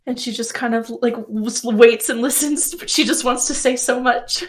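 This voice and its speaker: A woman's voice: a little high, normal speed. A woman player describing her character's actions in a rambling, filler-heavy way.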